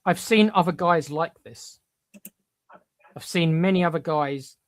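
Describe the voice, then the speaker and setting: Podcast co-host, mid-pitched, blunt and emphatic, dry close sound, restarts often. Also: measured pace, no echo. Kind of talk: opinionated podcast chat.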